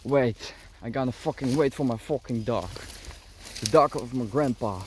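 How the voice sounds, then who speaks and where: A man's voice: medium pitch, animated, normal speed. Foul-mouthed man cursing through bushes. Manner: swears constantly, grunts while pushing through bushes. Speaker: vlogger. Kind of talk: rambling outdoor vlog. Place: outdoors in dense bushes and trees. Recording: noisy outdoor recording with rustling foliage. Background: rustling branches and a dog barking.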